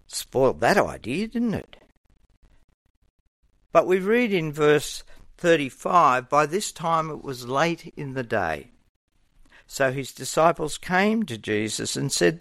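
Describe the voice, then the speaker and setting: A man preaching a sermon in a measured, earnest way, now and then acting out the voices of the people in his story. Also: a little high, sing-song, fairly bright tone, dry recording.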